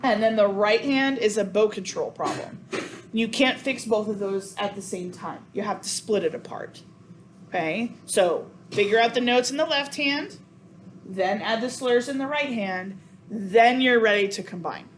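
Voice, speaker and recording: A woman's voice: mid-range voice, measured pace. A woman teaching a cello sectional, counting beats aloud and apologizing often. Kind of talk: coaching a sectional. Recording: noisy room sound.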